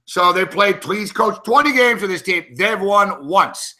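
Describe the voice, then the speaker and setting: Male betting-show co-host, high bright voice, profane rants. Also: animated, a little slow, hardly any pauses. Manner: profane, ranting, worked up. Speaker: co-host and sports handicapper. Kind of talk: casual sports betting chat.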